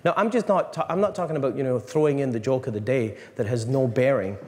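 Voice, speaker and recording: A man, a priest, giving an animated, joking talk to a live audience, often restarting his sentences. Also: mid-range voice, fast talker. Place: large hall. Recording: long reverb in a hall, faint room noise.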